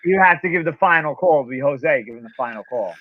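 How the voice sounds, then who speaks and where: A man's voice: a little high, expressive, fast, dry recording. Male podcast host, loose rambling chat, dry close sound. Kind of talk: casual chat. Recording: dull, lo-fi sound.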